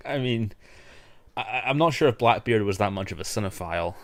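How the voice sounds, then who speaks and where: A man co-hosting a film podcast, laid-back and joking with quick quips. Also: lowish voice, lively intonation, no room sound. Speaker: podcast co-host. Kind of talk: casual film chat.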